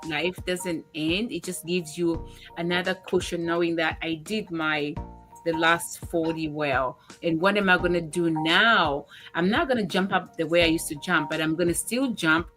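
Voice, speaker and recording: A woman's voice: lowish voice, moderate pace, soft background music. A woman in her forties hosting a talk show, chatting casually and acting out the people in her stories. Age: 40s. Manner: animated storyteller who acts out quoted dialogue. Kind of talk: casual chat.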